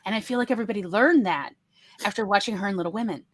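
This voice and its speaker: A woman hosting a casual panel chat, talking in an animated, digressive way. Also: medium pitch, rapid-fire. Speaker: host.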